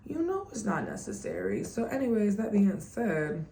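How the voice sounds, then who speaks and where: A young woman vlogger, venting candidly to her camera in casual, animated talk and often mimicking the people she quotes. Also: mid-range voice, moderate pace, a little hiss or hum. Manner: candid and animated, slipping into mocking quoted voices.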